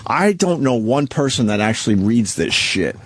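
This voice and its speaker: A man's voice: medium pitch, very animated, normal speed, a bit bright, slightly rough. A middle-aged man hosting a radio show, talking bluntly and with lots of swearing in casual banter. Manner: blunt, profane, exasperated.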